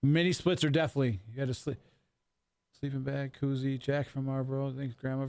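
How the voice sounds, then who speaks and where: A man's voice: mid-range voice, flat delivery, brisk, vocal fry, a little mellow, clean tone. A man in his forties in loose, profane, rambling chat on a radio talk show. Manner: profane, rambling banter with restarts. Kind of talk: casual chat.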